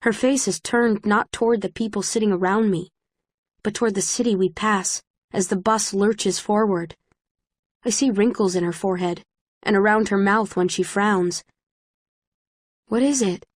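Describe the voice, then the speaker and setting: A woman reading a novel aloud in first person, in a steady, measured way. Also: mid-range voice, dry recording, clean studio sound. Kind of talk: first-person audiobook narration.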